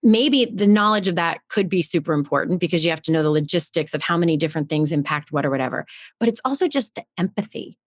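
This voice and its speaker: Low-voiced woman musing aloud. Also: lively intonation, fast, dry recording, clean studio sound. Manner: thinks aloud with frequent restarts and "like". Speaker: podcast co-host. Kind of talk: reflective conversational chat.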